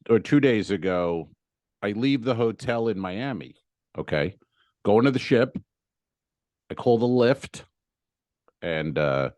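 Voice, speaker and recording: A man's voice: low voice, no echo. A man co-hosting a comedy podcast, telling a story in a casual, profane way and acting out his own exclamations. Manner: animated, profane, acts out exclamations. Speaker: podcast co-host.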